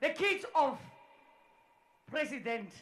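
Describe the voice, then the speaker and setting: A woman working as MC at a sports event, hyping the crowd in a loud, repetitive way and often shouting. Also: high-pitched, very animated, takes it slowly, heavy background noise. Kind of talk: live crowd hype and welcome speeches. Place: indoor sports dome.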